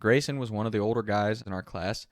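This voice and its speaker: A man's voice: on the low side, quick pace, dry recording. A young man telling a funny story from his teens in a casual way, often laughing as he goes. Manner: laughs through the telling, animated. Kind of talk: casual anecdote.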